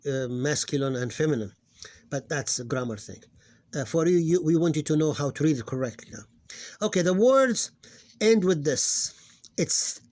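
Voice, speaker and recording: A man teaching a casual recorded lesson, often hesitating, repeating words and slowing down to sound out syllables. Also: a little high. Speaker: Arabic teacher.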